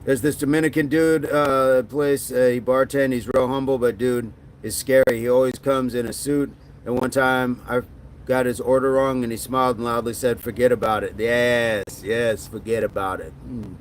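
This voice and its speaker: A man's voice: mid-range voice, flat delivery, moderate pace, a little hiss or hum. Joking man chatting on a livestream. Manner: loose and joking, drops into a mock movie-gangster voice. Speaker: livestream host. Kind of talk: casual livestream chat reading comments.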